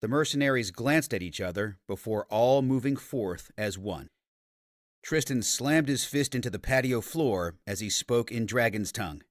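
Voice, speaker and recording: A man's voice: medium pitch, lively intonation, normal speed, no echo. Male audiobook narrator, dry close sound. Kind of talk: scripted narration.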